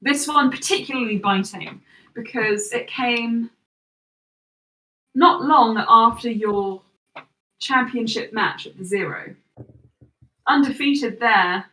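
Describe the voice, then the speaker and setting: A woman narrating a tabletop role-playing game as game master, in slow, measured second-person description. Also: on the high side, sharp tone, roomy sound, distant mic, poor audio.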